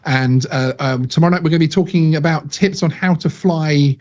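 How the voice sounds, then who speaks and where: A man's voice: fairly high pitch, brisk, dull audio. A man, a guest on a live stream, talking casually with many hesitations. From United Kingdom. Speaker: guest drone channel host.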